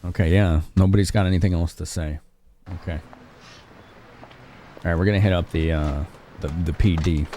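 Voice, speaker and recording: A man's voice: sits low, steady tone, moderate pace, long pauses, dark tone, a little hiss or hum. A man from Chicago streaming a game live, chatting casually with his viewers. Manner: casual, chatty, laughing with chat.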